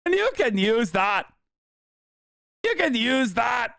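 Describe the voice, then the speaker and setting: A man's voice: sing-song, slow pace, gravelly, no room sound, studio quality, heavily acted. A man putting on a Scottish accent as a brash, hammy ad announcer. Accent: Scottish (put on). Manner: loud, hammy sales pitch.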